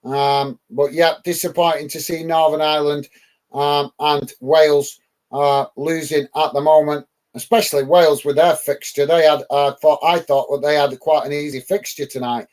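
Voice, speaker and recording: A man's voice: a little high, steady tone, normal speed, a little mellow. A man from the UK hosting a live football watch-along, calling the match and chatting casually with viewers, with frequent ums and uhs.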